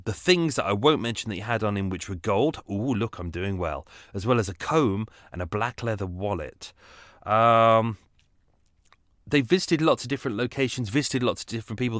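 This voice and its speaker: A man hosting a true-crime podcast in a loose, chatty way, wandering into asides and chuckling at his own tangents. His voice sits fairly low. The sound is dry and close, with almost no room in it. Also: a bit bright, no room sound. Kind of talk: casual rambling podcast narration.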